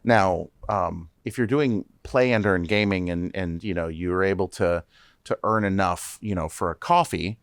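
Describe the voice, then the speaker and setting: A man, a startup CEO, speaking as a guest on a podcast interview. He talks in an animated way, restarting often and repeating words. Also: sits low, moderate pace, no room sound.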